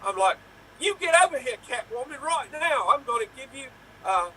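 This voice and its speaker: A man's voice: extremely high pitch, animated, normal speed, pushed and bright, pitched above the performer's own voice, heavily acted. A man doing a boastful washed-up movie star. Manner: rambling boastful monologue. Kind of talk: improv comedy character. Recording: distant mic with faint noise.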